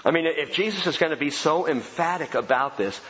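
A man preaching a sermon as pastor, emphatic and animated, repeating key phrases for effect. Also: a little high, a little fast, slight background noise. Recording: dull sound with long hall reverb.

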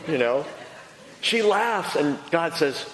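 Animated male preacher in echoey hall. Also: a little high, slow, slight background noise. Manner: animated storytelling, acting out voices. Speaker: pastor. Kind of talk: sermon.

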